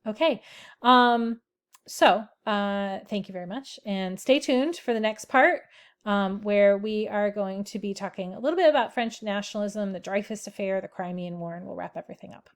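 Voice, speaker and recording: A woman's voice: mid-range voice, normal speed. A woman teaching a history lesson in a casual, chatty way, with many ums and "right?" tag questions. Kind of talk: casual classroom lecture.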